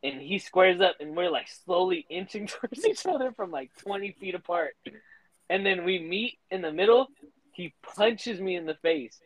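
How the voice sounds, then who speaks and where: A man's voice: high voice, lively intonation, moderate pace, dry recording, low-quality recording. A young man co-hosting a podcast, telling stories in casual chat, swearing a lot and laughing often. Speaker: podcast co-host.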